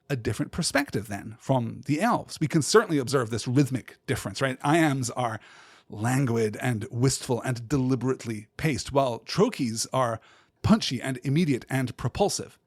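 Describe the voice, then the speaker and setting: A man hosting a literary podcast, explaining poetic meter in a measured, thoughtful way. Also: medium pitch, no echo, studio quality. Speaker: podcast host.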